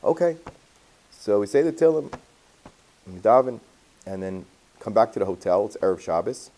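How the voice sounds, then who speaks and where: Low, mellow-voiced rabbi telling a story. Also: male voice, normal speed. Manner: animated anecdotal storytelling with Yiddish and Hebrew terms. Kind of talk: storytelling talk to a class.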